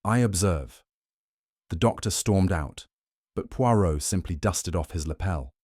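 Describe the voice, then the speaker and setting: Casual: man narrating an old-style mystery audiobook, deep voice, steady, dry close mic. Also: slightly rough, dry recording. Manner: measured, even storytelling. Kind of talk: scripted first-person narration.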